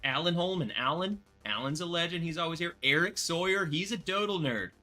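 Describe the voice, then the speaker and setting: A man hosting a casual bourbon livestream, excitable and rambling, thanking viewers by name. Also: on the high side, fairly quick, soft background music.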